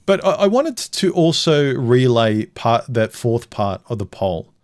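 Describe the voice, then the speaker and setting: A man's voice: mid-range voice, sing-song, measured pace, a little mellow, no room sound, studio quality. A man hosting a live stream, chatting casually and bluntly with his viewers, cracking jokes and giving frank dating advice. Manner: blunt, joking, talks straight to the chat.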